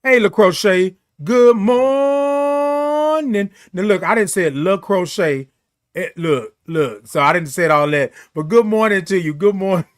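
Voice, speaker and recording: A man's voice: high-pitched, moderate pace, fairly bright tone. A middle-aged man hosting a morning live show, giving an emphatic, preachy pep talk that repeats key phrases and reads viewer comments.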